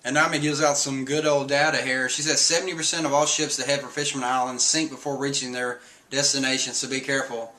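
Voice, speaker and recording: A man talks through a manga chapter in a loose, rambling way, padding his sentences with fillers and reading out character lines along the way. His voice is bright and forceful at a middling pitch. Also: flat delivery, quick pace, hardly any pauses. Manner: rambling, filler-heavy, often reads and acts out character lines. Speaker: streamer recapping a manga chapter. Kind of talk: casual recap.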